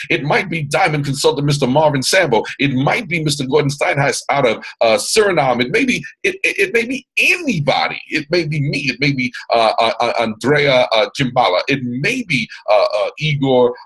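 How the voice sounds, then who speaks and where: A man's voice: fairly high pitch, fairly bright tone, slightly rough, poor audio. A man leading a motivational training session on a video call, boisterous and strong in his delivery, repeating phrases like a preacher. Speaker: mentor hosting a training call.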